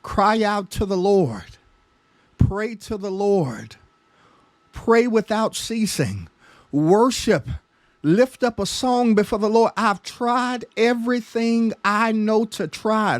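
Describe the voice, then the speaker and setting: A man's voice: sits high, animated, slow pace, no echo. A man pastor teaching a Bible study sermon, emphatic, often repeating words as his passion builds. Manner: emphatic, stammering repetitions, rising passion.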